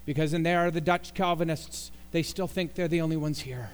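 A man's voice: fairly high pitch, fairly even intonation, brisk, clear, resonant tone, natural voice. A man voicing a genial older Saint Peter who explains heaven's rooms like a tour guide. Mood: amused. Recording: long reverb in a large hall.

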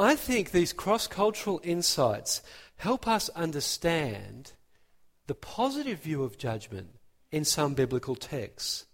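A man preaching a sermon, emphatic and animated, building his points with rising emphasis. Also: a little high, long reverb tail.

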